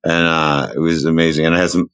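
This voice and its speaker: Low-voiced man with a rambling, jokey drawl. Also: little pitch movement, fast talker, a bit bright, smooth. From Boston's North Shore, USA. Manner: rambling, loose and jokey, trailing off mid-thought. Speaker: guest musician. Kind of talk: casual podcast chat.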